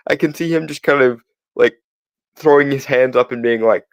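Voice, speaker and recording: A man's voice: medium pitch, normal speed, no echo. A man co-hosting a podcast in casual chat, with a sardonic, mock-threatening manner. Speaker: podcast co-host.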